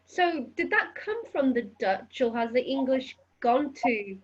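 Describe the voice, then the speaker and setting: A woman's voice: sits high, very animated, unhurried, breathy edge. A woman hosting a podcast, asking curious follow-up questions over a video call. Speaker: podcast host. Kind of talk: interviewing. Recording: dull lo-fi call audio.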